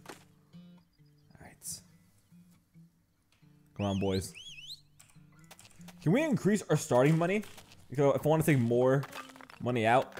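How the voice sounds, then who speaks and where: A man chatting his way through a game, joking and acting mock-angry at his in-game workers. His voice sits at an ordinary pitch, and faint guitar music plays underneath. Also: big pitch swings, slow pace, long pauses, a little mellow. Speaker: gaming channel host. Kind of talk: casual let's-play commentary.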